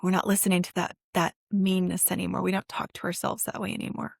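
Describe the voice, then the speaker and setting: A woman's voice: on the low side, monotone, quick pace, gravelly, breathy edge, no room sound, studio quality. A woman therapist hosting her own self-help podcast. She talks directly to the listener in an earnest, encouraging, emotionally open way.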